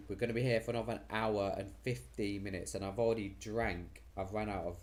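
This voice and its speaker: A man's voice: on the low side, steady tone, brisk, few pauses, a little mellow, slight background noise. A man chats cheerfully as host of a live stream. He is losing his voice and keeps up a loose, rambling patter. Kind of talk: casual live stream chat.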